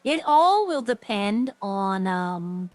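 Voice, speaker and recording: A woman's voice: mid-range voice, very animated, slow pace, no room sound. A woman streaming a game, chatting casually with viewers and thinking aloud in a rambling way. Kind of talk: casual gameplay chat to viewers.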